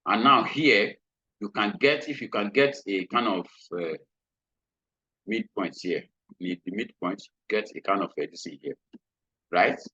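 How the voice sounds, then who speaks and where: A man's voice: low voice, unhurried, pauses often, a bit bright, breathy edge, no echo. A man giving a screen-share trading lesson, repeating his points and often checking in with "hmm?". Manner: repetitive, checks in with frequent "hmm?". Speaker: trading instructor. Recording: dull lo-fi recording.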